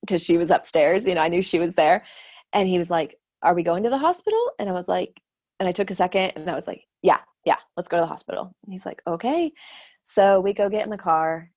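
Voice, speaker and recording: A woman in her thirties with a slightly low voice tells a personal story as a guest. She talks casually, laughs often and jumps into livelier voices when quoting people. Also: fast talker. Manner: animated, acts out quoted voices, laughs often. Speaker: guest sharing her birth stories.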